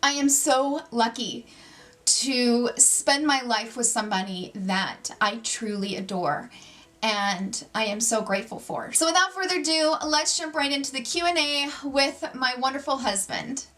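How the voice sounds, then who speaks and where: Woman, forties, chatty, nervous, slightly high voice, casual vlog talk. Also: lively intonation, a little slow, faint music behind. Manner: chatty, self-described loud, nervous. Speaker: YouTube channel host. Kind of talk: casual chat to camera.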